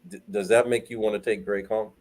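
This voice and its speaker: A deep-voiced man co-hosting a casual live-stream chat. He teases and quizzes the others with an easy, joking manner. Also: steady tone, brisk, a little mellow. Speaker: co-host.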